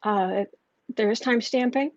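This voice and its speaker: A woman's voice: fairly high pitch, unhurried, no room sound, dull audio. A woman hosting a livestream from home on an earpiece microphone, chatting loosely and reading comments from her chat. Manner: rambling and warm, with frequent fillers and asides. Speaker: astrology and tarot livestream host.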